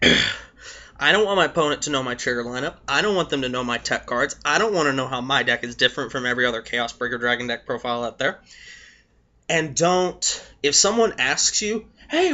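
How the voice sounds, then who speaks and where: A hoarse young man giving blunt, profane tips to his viewers in a casual vlog, coughing between points. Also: medium pitch, a little fast, sharp tone. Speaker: vlogger. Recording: dull lo-fi recording.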